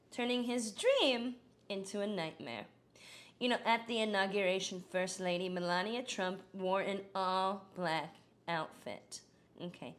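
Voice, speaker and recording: A woman's voice: medium pitch, a bit bright, natural voice. A woman impersonating a middle-aged female politician as a satirical news anchor, cackling with laughter between crude punchlines.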